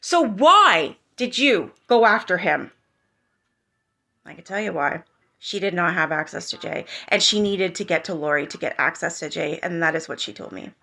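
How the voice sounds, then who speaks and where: Hosting her own commentary channel, a woman talks through online drama in a heated, profane way, firing off rhetorical questions. Her voice is lowish, creaky and sharp, animated, at a moderate pace.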